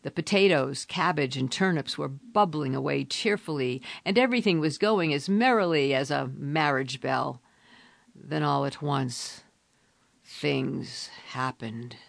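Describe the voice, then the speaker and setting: A woman narrating a story aloud in an expressive audiobook reading style. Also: low-pitched, measured pace, gravelly, no echo.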